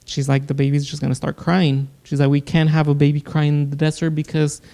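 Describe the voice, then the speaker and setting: A man, a podcast guest, earnestly telling a personal story in casual talk, with halting restarts. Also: a little high, flat delivery, creaky, warm tone. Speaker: guest, producer.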